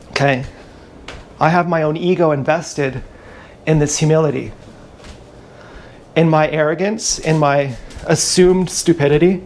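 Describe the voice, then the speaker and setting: A man's voice: fairly high pitch, steady tone, measured pace, pauses often, a little hiss or hum. Rambling man with a raised voice. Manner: rambling, with restarts and asides. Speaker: streamer. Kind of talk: rambling comic monologue. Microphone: action camera.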